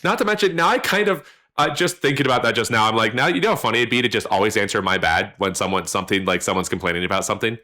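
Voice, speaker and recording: Man, podcast co-host, bright tone, rambling jokey delivery, slight distortion. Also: fairly low pitch, rapid-fire. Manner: rambling, jokey, trails off into tangents. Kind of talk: casual chat.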